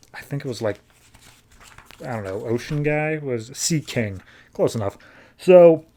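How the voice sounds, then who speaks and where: A man hosts a podcast and recaps a comic book in a breezy, casual way. He tosses off the characters' lines in slangy, offhand paraphrase. His voice sits at an ordinary, mid-range pitch. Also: darkish tone. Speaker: podcast host.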